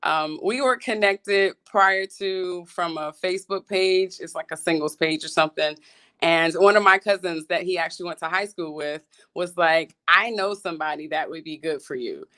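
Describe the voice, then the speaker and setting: A woman's voice: fairly low pitch, moderate pace, pushed and bright. A woman guest casually telling her story in an easygoing way, with light chuckles. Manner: easygoing, chuckles between sentences. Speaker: interview guest.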